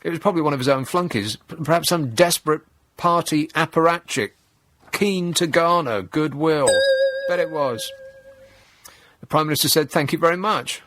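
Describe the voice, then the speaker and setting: A man's voice: on the high side, a bit bright, no echo. A man hosting a radio talk show, mocking and sarcastic in tone and chuckling at his own jokes. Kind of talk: sardonic talk radio monologue. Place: radio studio.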